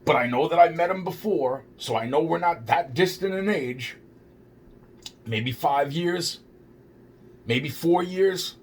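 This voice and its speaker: A man's voice: fairly high pitch, takes it slowly, pauses often, breathy edge. Agitated, profane man telling a story. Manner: heavily profane, agitated, repetitive. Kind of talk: rambling first-person storytelling.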